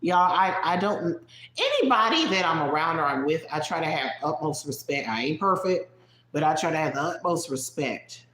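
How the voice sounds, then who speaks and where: A livestream host tells a personal story in casual, digressive chat, talking straight to viewers in the chat. The mid-range voice has lively intonation, a moderate pace, and a fairly bright tone, with a roomy echo in the recording.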